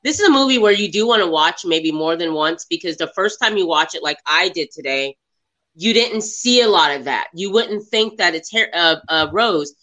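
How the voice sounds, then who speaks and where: A woman talks casually about a film she just watched. Her voice is bright and sharp. She retells scenes with animation and slips into quoting the characters. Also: on the low side, expressive, normal speed. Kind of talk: casual movie review chat.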